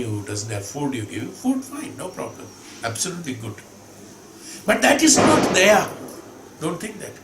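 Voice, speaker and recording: A man's voice: fairly low pitch, a bit bright. A man teaching a scripture discourse, emphatic, repeating phrases and asking rhetorical questions. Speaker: spiritual teacher. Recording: echoey room with background hum.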